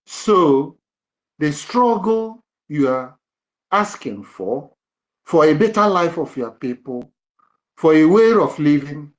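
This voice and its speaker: A man hosting a live audio room, answering in a measured, preachy way with some restarts. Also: on the high side, sing-song. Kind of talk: measured commentary on a live call.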